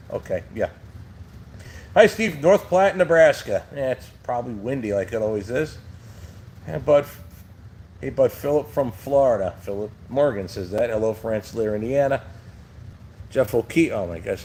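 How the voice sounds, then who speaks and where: A middle-aged man from New Jersey, a trucking channel host, chatting loosely on a livestream from his truck shop and reading out viewer comments. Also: medium pitch. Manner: rambling, loose, with many fillers.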